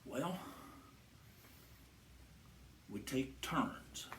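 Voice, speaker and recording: A man voicing a huge, bossy Kentucky farmer with a slow, drawling, commanding manner. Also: mid-range voice, animated, roomy sound, background noise, voice pushed down. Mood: gruff.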